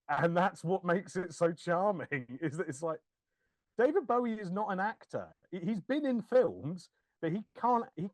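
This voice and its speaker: A man's voice: on the high side, no echo. A man, chatting casually as a podcast co-host, laughing and acting out quoted lines. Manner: animated, laughing, swears, acts out quoted lines. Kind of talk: casual chat.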